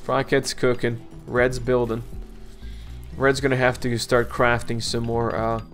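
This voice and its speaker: Unhurried gamer muttering over his colony. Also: medium pitch, monotone, a bit bright, soft background music. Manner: talks to his colonists, grumbles and swears at setbacks. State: clearing his throat. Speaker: let's play gamer. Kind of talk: casual gameplay commentary.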